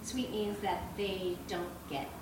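A woman's voice: mid-range voice, flat delivery, slow pace. Bubbly woman heard from afar in an echoey room. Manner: bubbly, many fillers, giggly asides. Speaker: author on a panel. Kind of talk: live panel introduction. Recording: echoey room, far from mic, noisy.

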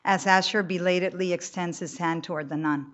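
A woman reading a novel aloud in a measured storytelling manner. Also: fairly low pitch, steady tone, a bit bright, highs cut off. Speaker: reader.

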